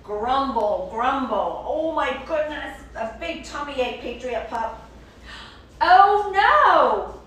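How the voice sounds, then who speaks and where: A woman's voice: high voice, slow pace. A woman hosting a children's show, playfully reading a picture book aloud and chatting with a puppet and the young viewers. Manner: animated, playful, talks to a puppet and the kids. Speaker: children's story reader and show host. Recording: echoey room, distant mic, faint hiss.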